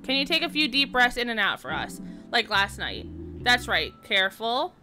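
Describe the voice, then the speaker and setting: A woman's voice: fairly high pitch, big pitch swings, normal speed, bright, forceful tone, soft background music. A woman streamer playing a game, reading the characters' lines aloud and joking between them.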